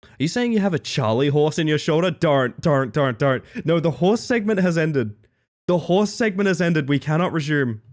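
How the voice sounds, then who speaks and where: Animated, playful male streamer. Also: a little high, normal speed. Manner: playful, excitable, talks to chat. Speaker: livestreamer. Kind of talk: casual live-stream chat.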